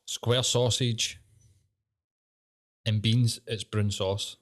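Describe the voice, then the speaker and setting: A man's voice: lowish voice, flat delivery, extremely slow. Scottish guy on a podcast, swears a lot, loose banter, laughs loads. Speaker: podcast host. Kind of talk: casual chat.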